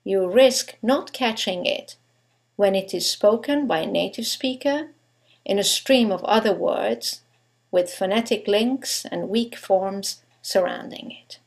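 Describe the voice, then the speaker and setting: A woman's voice: medium pitch, creaky. A woman giving a scripted English pronunciation lesson, stressing each example word with care. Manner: slow, deliberate, stresses example words. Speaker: English teacher.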